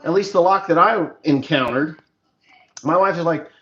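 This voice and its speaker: A man's voice: fairly high pitch, moderate pace, bright, forceful tone. A middle-aged man from the United States, a farmer telling rambling, joking stories on his livestream. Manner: chatty, joking storyteller. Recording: dull lo-fi sound with faint noise.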